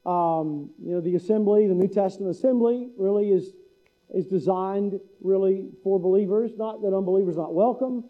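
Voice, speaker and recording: Middle-aged male preacher, folksy, high voice, muffled lo-fi sound. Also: normal speed. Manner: folksy, mimics local speech for laughs. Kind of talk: sermon. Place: church hall.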